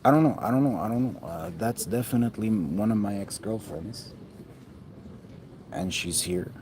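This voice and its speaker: A man's voice: fairly low pitch, normal speed, a little mellow. A man talking in a rambling, profane monologue that often trails off mid-thought. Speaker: vlogger. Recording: noticeable background noise.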